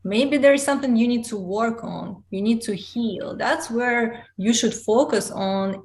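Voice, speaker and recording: A woman hosting a podcast interview, speaking in a calm, reflective and encouraging way. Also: a little high. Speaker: podcast host.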